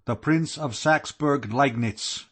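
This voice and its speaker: A man's voice: mid-range voice, slow, voice pushed up. A man voicing a stiff, formal male German count with a German accent, speaking in a courtly, ceremonious way.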